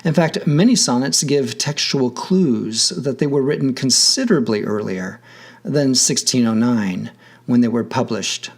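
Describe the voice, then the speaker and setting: Slow, measured male narrator. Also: mid-range voice. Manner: measured, careful, over-articulates example words. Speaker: teacher. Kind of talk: scripted educational narration.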